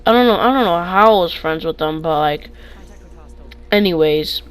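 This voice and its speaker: A young man tells casual stories for his channel, wandering off track and restarting sentences. He gets loud and excited in the retellings. His voice comes through a clip-on mic. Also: on the high side, normal speed, clean tone, low-quality recording. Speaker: vlogger. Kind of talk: casual storytime.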